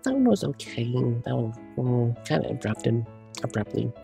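A man's voice: mid-range voice, sing-song, normal speed, vocal fry, warm tone, faint music behind. A man streaming a story game, casually commenting and reading the game's text aloud.

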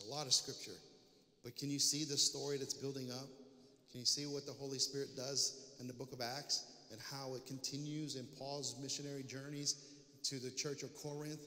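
A man's voice: mid-range voice, pushed and bright. A man preaching a sermon as pastor, reading scripture aloud and then explaining it. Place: church sanctuary. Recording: echoey church hall.

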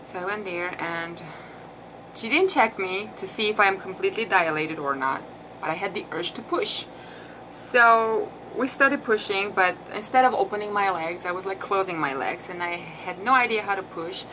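A woman's voice: medium pitch, moderate pace, bright, forceful tone, low-quality recording. Chatty emotional woman telling her story. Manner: emotional, chatty, frequent laughs and fillers. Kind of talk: casual vlog storytelling. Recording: clear background noise.

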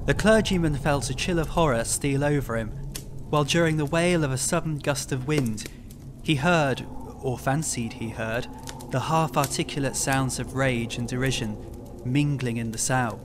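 A man narrating a classic ghost story in a measured, grave storytelling manner. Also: mid-range voice, noisy background.

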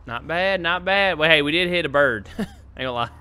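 A man's voice: fairly high pitch, expressive, fairly quick, sharp tone, smooth. A young man with a drawl, joking and bantering in a casual roleplay game with a rowdy manner. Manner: rowdy joking drawl, makes siren noises. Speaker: streamer playing a roleplay character.

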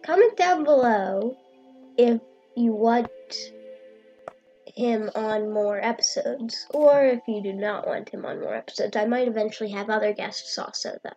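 A woman with a slightly high voice narrates her game build in a plain, matter-of-fact way. Soft music runs faintly under her. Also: a little slow, rough recording. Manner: plain, matter-of-fact explaining, dry comebacks. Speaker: channel host.

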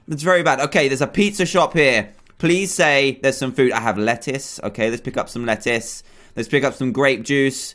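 A young man giving excitable gameplay commentary, yelping and shouting at enemies as he plays. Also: mid-range voice. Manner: animated, yelps and shouts at enemies. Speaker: gaming YouTuber.

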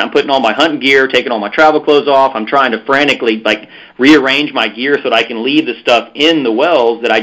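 A man's voice: mid-range voice, sharp tone, rough recording. A man guest on a podcast, telling a story in a rambling way with lots of fillers and restarts. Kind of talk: casual storytelling interview.

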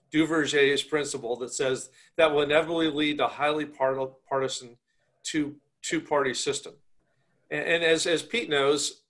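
A male congressman with a mid-pitched voice who lays out policy points in a measured, explanatory manner. He often pauses and restarts as he thinks, and is heard over a video call. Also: fairly bright tone. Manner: measured, explanatory, hesitant fillers. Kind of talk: remote panel discussion.

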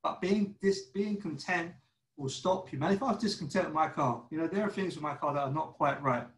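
A man's voice: on the high side, fairly quick, roomy sound, poor audio. A man giving an informal sermon over a video call, chatty, acting out little dialogues and often restarting his words. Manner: conversational, acts out little dialogues, stammering restarts. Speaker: church teacher.

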